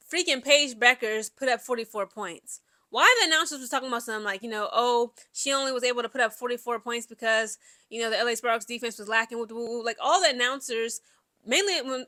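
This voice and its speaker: A woman's voice: a little high, no room sound. A young woman, giving casual, chatty sports commentary full of fillers and reading an article aloud. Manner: chatty, animated, many "like" and "you know" fillers.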